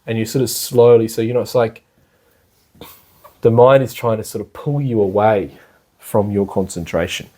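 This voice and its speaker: A man's voice: on the low side, normal speed, long pauses, dark tone. A man giving a casual, rambling meditation class indoors, chatting and laughing as he explains. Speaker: meditation teacher. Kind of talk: casual spoken lecture.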